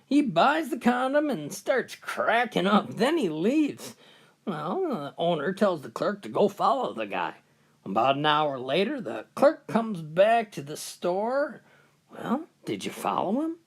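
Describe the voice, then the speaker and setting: A man telling a countdown of jokes with animated storytelling. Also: high-pitched, unhurried, breathy edge. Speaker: joke teller.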